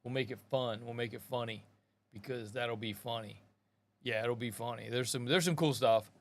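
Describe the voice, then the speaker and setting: Speaking at a normal pace with no room sound, a middle-aged podcast host with a mid-range voice hosts a live show. His casual live-stream chatter rambles along in slang, peppered with bro and man for his listeners.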